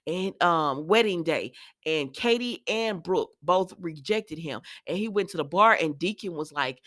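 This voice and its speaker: A woman's voice: fairly low pitch, expressive, normal speed, bright, forceful tone. A young woman chatting casually to her viewers, paraphrasing and talking straight to them as she recaps a soap episode. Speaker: soap opera recap host.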